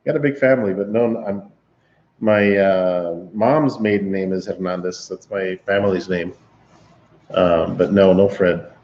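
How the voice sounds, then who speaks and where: A man's voice: low-pitched, fairly even intonation, unhurried, a little mellow, lo-fi sound. A man hosting a livestream, casually telling a long, laughing story to his chat with lots of restarts. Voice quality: rambling, laughing, with frequent restarts. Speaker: livestream host.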